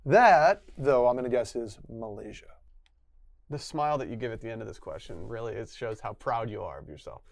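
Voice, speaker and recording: A man's voice: medium pitch, lively intonation, brisk, vocal fry, no echo. A man with a mid-range voice chews over quiz answers aloud, joking at his own expense. The sound is close and dry. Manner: thinks aloud, self-mocking. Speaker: quiz contestant. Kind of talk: casual comedic quiz banter.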